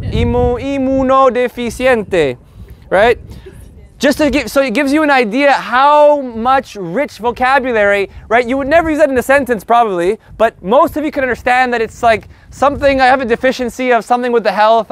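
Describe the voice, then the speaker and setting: High-voiced man teaching Spanish. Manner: energetic, joking, drawn-out sounded-out words. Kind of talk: lively online language lesson.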